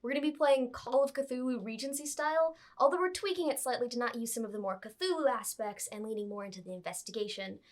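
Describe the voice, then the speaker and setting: A woman's voice: a little high, quick pace, few pauses. A woman running a tabletop role-playing game as game master, narrating casually. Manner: casual, with frequent fillers.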